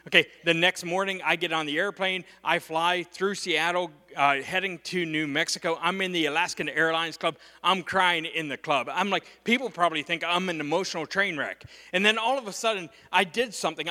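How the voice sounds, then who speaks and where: Animated male preacher in a reverberant hall. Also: on the high side. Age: middle-aged. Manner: animated, conversational, peppered with "okay". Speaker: guest preacher. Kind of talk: storytelling sermon.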